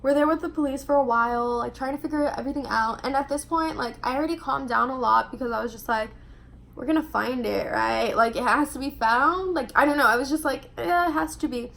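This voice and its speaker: A woman's voice: sits high, fairly quick, gravelly, fairly bright tone. A young adult woman vlogger telling a casual storytime to camera, chatty and full of "like". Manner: chatty, fills every phrase with "like".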